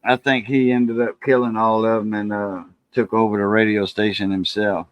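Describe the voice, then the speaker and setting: A channel host with a Cajun accent runs a casual chat, telling loose, easygoing folksy stories that wander and draw laughs. His lowish voice keeps a level tone at normal speed, and the recording is dry.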